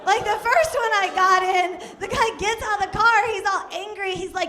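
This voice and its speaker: A woman's voice: extremely high pitch, normal speed, pushed and bright. A woman from New York City doing a stand-up comedy set, laughing often through her lines. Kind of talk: stand-up routine. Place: comedy club stage.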